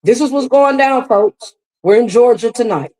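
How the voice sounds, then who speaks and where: A woman's voice: on the high side, expressive, moderate pace, noisy background. A woman hosting live reaction commentary, emphatic and repetitive, speaking straight to her viewers. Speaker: commentary host.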